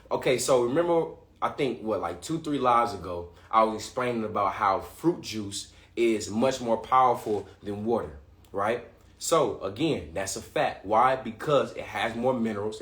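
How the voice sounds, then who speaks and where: A man hosting a livestream, talking excitedly in casual slang, often restarting and repeating himself. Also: mid-range voice, echoey room. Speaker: livestream host. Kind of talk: live-streamed talk to viewers.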